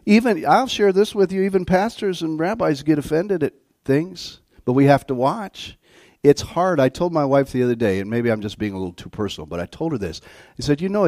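A man preaching a sermon in an animated, storytelling way. He drops to quiet asides, then rises to loud bursts. His mid-range voice sits close to the mic with little room sound. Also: mid-range voice, dry recording. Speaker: guest pastor.

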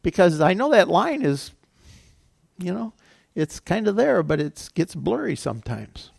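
A man's voice: high voice, very animated, a little slow, gravelly, a little mellow, slightly rough, no echo, studio quality. An older man preaching a sermon as pastor, telling a personal story in a conversational way with frequent restarts. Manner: conversational, storytelling with self-corrections.

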